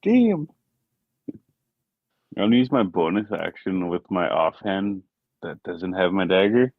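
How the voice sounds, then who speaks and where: Low-voiced man on a thin call line. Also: moderate pace, no echo, phone-quality sound. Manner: casual, declaring actions out loud. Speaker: tabletop game player. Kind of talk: casual game talk.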